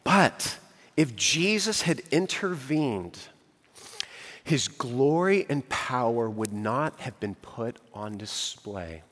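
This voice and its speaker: A man preaching a sermon, dramatic, dropping to a hush and then rising to emphatic outbursts. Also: mid-range voice, lively intonation, slow. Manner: dramatic, swings from hushed to emphatic. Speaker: pastor. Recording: long hall reverb.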